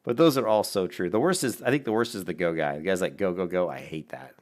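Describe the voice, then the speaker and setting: Low-voiced man in profane gaming commentary. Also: lively intonation, fast. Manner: rambling, profane, laughs often. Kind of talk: casual reaction commentary.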